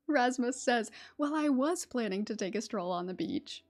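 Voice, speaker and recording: A woman's voice: a little high, expressive, measured pace, darkish tone. A woman from West Virginia hosting a casual livestream, chatting, laughing often and reading poetry aloud. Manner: chatty, laughs often, many fillers and restarts. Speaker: YouTube host.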